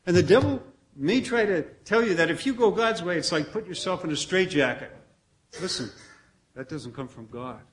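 A man preaching a sermon in an earnest, conversational way, asking the congregation questions and dropping softly at the ends of phrases. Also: high-pitched, lively intonation, moderate pace.

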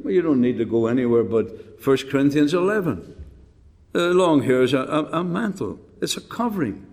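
A man's voice: fairly high pitch, a little mellow. An older man preaching a folksy, rambling sermon with rhetorical questions and frequent restarts. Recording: long hall reverb.

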